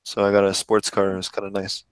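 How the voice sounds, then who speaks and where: A man's voice: fairly low pitch, completely flat delivery, fast talker, clean tone, no room sound. A man hosting a podcast in casual chat, ranting freely and swearing often. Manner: profane, ranting, loose and talkative. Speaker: podcast host.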